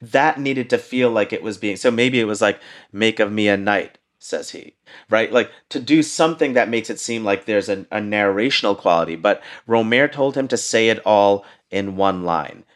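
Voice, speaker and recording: A man with a fairly low voice talking through a film in a casual chat. He is thoughtful and hesitant, pausing on fillers as he explains an idea. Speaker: podcast co-host.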